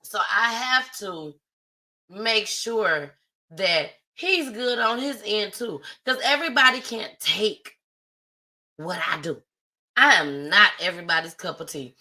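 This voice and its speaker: A woman's voice: mid-range voice, slow, bright, forceful tone, low-quality recording. A woman hosting a live stream, talking casually and from the heart straight to her viewers. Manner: chatty, heartfelt, addresses viewers directly. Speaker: livestream host. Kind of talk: casual livestream talk.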